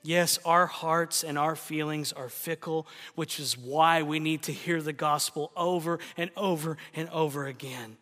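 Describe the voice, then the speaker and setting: A man preaching a sermon, swinging from loud fervent cries to hushed near-whispers. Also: fairly high pitch, steady tone, unhurried, hardly any pauses. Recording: long hall reverb.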